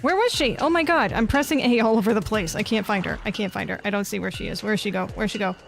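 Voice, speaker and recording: A woman's voice: medium pitch, steady tone, fast, vocal fry, soft background music. A woman streaming a horror game, reading its text aloud, talking to herself and panicking and swearing at the game. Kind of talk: live gameplay commentary.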